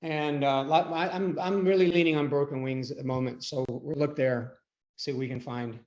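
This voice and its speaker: A man coaching traders on a live online call, chatty and often clearing his throat. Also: fairly high pitch, fairly even intonation, moderate pace, darkish tone. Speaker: trading coach. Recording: dull lo-fi call audio.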